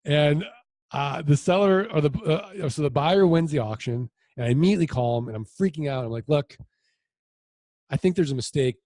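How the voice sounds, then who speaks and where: A man being interviewed as a land investor, telling stories in a casual, animated way with lots of quoted dialogue. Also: on the high side, moderate pace, no room sound. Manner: animated anecdotes with voiced quotes.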